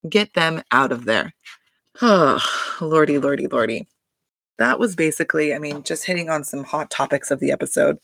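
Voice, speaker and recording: A woman's voice: low-pitched, lively intonation, moderate pace, creaky, a bit bright, no echo, clean studio sound. A woman recapping a reality show in a chatty, filler-heavy way, with exclamations and swearing. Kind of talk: casual recap chat.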